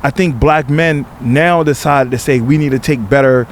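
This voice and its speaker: Man guest, middle-pitched voice, reflective and halting, faint noise behind. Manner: reflective, hesitant, repeats words, lots of 'you know'. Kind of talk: candid podcast conversation.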